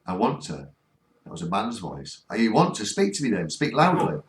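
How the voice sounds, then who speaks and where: A man's voice: lowish voice, huge pitch swings, moderate pace, echoey room. A man with a northern English accent hosting a ghost hunt, earnestly coaxing spirits to speak during a spirit box session. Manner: coaxing, earnest, keeps pleading for replies. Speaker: ghost hunting vlogger. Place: cold spot on a ghost hunt.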